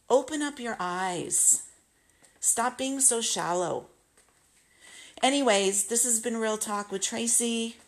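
A woman podcast host telling personal stories in an earnest monologue, acting out the people she quotes. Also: on the high side. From United States. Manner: earnest, animated retelling with quoted voices.

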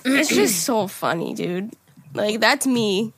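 Young woman, podcast co-host, bubbly giggly chat, high lively voice, dry close sound. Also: fairly quick, dry recording. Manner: giggly, bubbly, laughs often. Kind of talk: casual chat.

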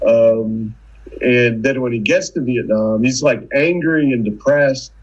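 Husky-voiced man, guest historian. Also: medium pitch, slow, dull audio. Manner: loose, conversational retelling with restarts. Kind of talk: casual interview chat.

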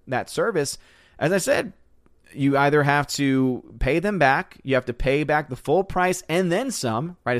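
A man's voice: mid-range voice, no echo, studio quality. A young man hosting a casual livestream, reading viewer comments aloud and chatting back in a rambling, easygoing way. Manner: chatty, rambling, laughs often, thanks viewers warmly. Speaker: livestream host reading chat.

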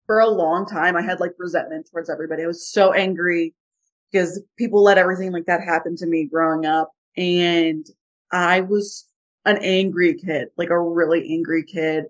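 Woman in her 20s on a podcast, kinda low voice, blunt, dull lo-fi audio. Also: steady tone, normal speed. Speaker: podcast co-host. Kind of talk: candid personal podcast chat. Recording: dull lo-fi sound.

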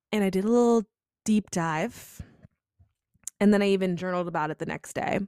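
A woman's voice: mid-range voice, steady tone, a little fast, darkish tone, dry recording. Chatty young woman, dry close sound. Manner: chatty, confessional, many "like" and "you know" fillers. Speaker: podcast host. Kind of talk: personal storytelling.

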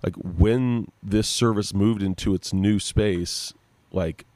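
A man's voice: on the low side, steady tone, slow pace, a little mellow, dry recording. A man co-hosting a podcast from home over the internet, just woken up and rambling as he hunts for words in casual chat. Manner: rambling, sleepy, searching for words. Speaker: podcast co-host and guitar effects artist. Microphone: joining over the internet.

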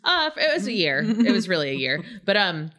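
A woman's voice: lowish voice, big pitch swings, a little fast, fairly bright tone. A woman producer in casual podcast chat, telling stories and laughing often. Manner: chatty storyteller, laughs often.

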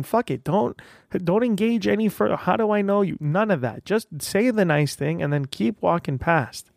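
A man's voice: high-pitched, creaky, no room sound, studio quality. A man hosting a podcast, talking casually on his own and acting out what other people said to him. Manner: chatty and animated, acts out quoted voices. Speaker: podcast host. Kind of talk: casual solo podcast monologue.

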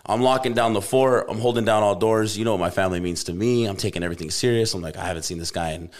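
Young guy from Albuquerque, lowish voice, loose slangy storyteller on a chat podcast. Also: racing. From Albuquerque, New Mexico. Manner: laid-back, slangy, says "bro" constantly.

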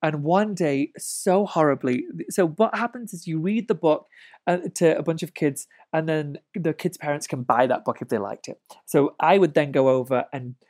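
A woman in her late thirties telling stories as an interview guest, animated, laughing often and swearing freely. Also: deep voice, moderate pace. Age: late 30s. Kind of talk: casual storytelling.

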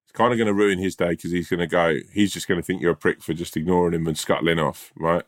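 A man's voice: low-pitched, steady tone, fast. A man chats on a podcast. He rambles through anecdotes, stumbling over restarts and acting out other people's lines. His delivery is loose and conversational. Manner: chatty, full of restarts and quoted voices. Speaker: podcast co-host. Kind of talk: casual chat.

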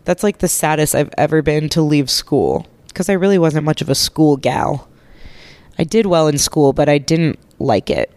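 A woman's voice: deep voice, normal speed, a little mellow, dry recording. Stuffy-nosed woman podcaster with a cold. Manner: rambling, chatty, swears casually, self-mocking. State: congested with a cold, nasal. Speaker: podcast host. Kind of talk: casual solo podcast chat. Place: living room couch, lying under a blanket. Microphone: podcast microphone held while lying down.

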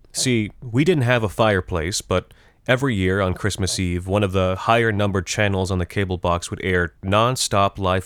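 Deep-voiced man narrating a memory. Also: clear, resonant tone, no echo, clean studio sound. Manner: reflective, nostalgic storytelling. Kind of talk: scripted first-person horror narration.

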